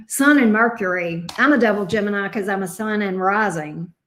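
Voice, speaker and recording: A fairly bright, mid-range voice at a slightly slow pace comes from a woman in her fifties reading tarot on a livestream. Casual and chatty with viewer comments, she's blunt, profane, and laughs freely.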